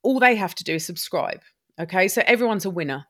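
A woman's voice: fairly low pitch, lively intonation, a bit bright. A woman with a bubbly, chatty manner, talking as a guest in a podcast interview about her upcycling business. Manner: bubbly, talks in quick bursts.

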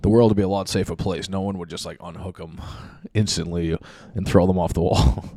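A man's voice: low-pitched, steady tone, a little fast, mellow, no room sound, studio quality. A man hosting a podcast, rambling in a casual, profane and self-mocking monologue from his home basement. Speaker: podcast host.

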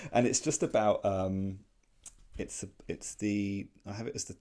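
A man's voice: on the low side, animated, measured pace, dark tone. A man in his forties, casually co-hosting a podcast and rambling through his points with many restarts. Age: 40s. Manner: rambling, full of restarts and fillers. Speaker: podcast co-host. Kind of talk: casual comic-strip discussion.

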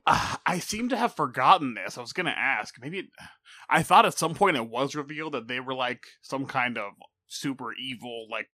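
A man's voice: mid-range voice, expressive, normal speed, bright, forceful tone, dry recording. A man co-hosting a podcast in casual chat, frank, mostly adding short agreeing remarks. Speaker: podcast co-host.

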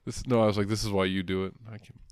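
Podcast co-host: a man with a lowish voice, rambling jokey delivery, dry close recording. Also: steady tone, racing, clear, resonant tone, dry recording. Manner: joking, swears casually, rambling. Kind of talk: casual podcast banter.

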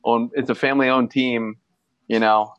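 A man's voice: mid-range voice, fairly even intonation, unhurried, dry recording, dull audio. A man co-hosting a casual sports podcast, rambling and joking with lots of fillers. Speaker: podcast co-host.

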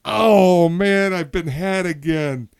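A man voicing a doting elderly father who is easily fooled, speaking in a bemused, drawn-out way. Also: high voice, creaky, clear, resonant tone, no room sound, voice pushed up, exaggerated voice.

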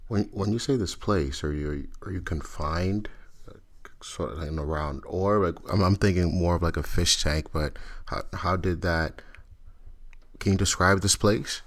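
Deep-voiced man asking halting questions. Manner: halting, repeats words as he asks. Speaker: interviewer.

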